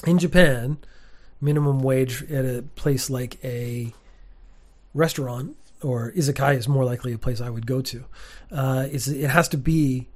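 A man's voice: medium pitch, a little slow, darkish tone. A man, giving a candid, opinionated casual monologue to camera from a sparse room, with frequent fillers. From Canada. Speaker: teacher and vlogger.

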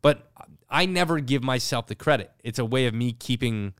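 A man co-hosting a podcast, talking candidly in casual chat with animated asides. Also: mid-range voice, moderate pace, clear, resonant tone, no echo, studio quality. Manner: candid, animated storytelling with acted quotes. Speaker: podcast co-host.

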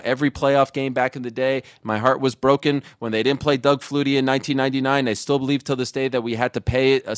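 A man's voice: mid-range voice, clear, resonant tone, no echo. A man in his forties from Canada gushes as a show guest, emotional and eager, tripping over his own restarts. His voice sits in an ordinary middle register, and the sound is dry and close. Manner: effusive, emotional, tumbling restarts. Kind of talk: excited phone-in chat.

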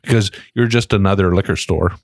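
A low-voiced man hosts a casual podcast interview, asking questions and laying things out step by step. The sound is dry and close. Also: fairly quick, dry recording. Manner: inquisitive, lays out steps plainly. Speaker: podcast host.

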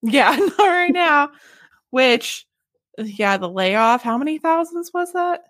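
A young woman hosts a podcast in a chatty, upbeat way, her voice sitting a little high. The recording is dry and close, with no room sound around her, and she laughs easily between lines. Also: lively intonation, slow, fairly bright tone, no room sound. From Southern United States. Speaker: podcast host. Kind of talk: casual chat and read ad.

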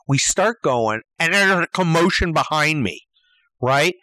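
Older man, profane comic rant, exasperated, wildly swinging pitch, dry close sound. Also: lively intonation, normal speed, dry recording, poor audio. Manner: profane, exasperated, swinging from low mutters to yelled outbursts. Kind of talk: comedic storytelling rant.

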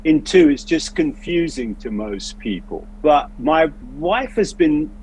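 A man's voice: a little high, lively intonation, takes it slowly, a little mellow, poor audio. Self-deprecating older Englishman. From England. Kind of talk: casual chat.

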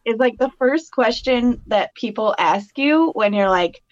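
A woman co-hosting a podcast in casual, giggly chat, halting with fillers. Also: on the high side, lively intonation. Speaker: podcast co-host. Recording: dull lo-fi audio.

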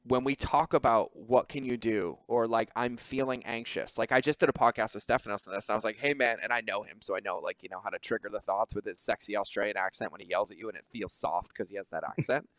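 A man hosting a podcast, talking in a lively, informal way and swearing freely. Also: on the low side, dry recording. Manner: animated, swearing, quick asides. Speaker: podcast host. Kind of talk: casual podcast conversation.

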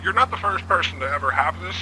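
A man's voice: fairly high pitch, animated, very slow, sharp tone, slight background noise, exaggerated voice, poor audio. A man putting on the voice of a chatty, bumbling male helicopter pilot who rambles and apologizes. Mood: rambling.

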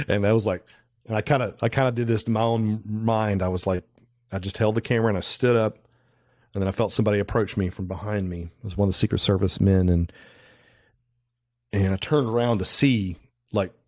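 A man's voice: lowish voice, darkish tone, no room sound, clean studio sound. A middle-aged man, a photographer guest, chatting casually and telling anecdotes with plenty of restarts and fillers. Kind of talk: casual interview storytelling.

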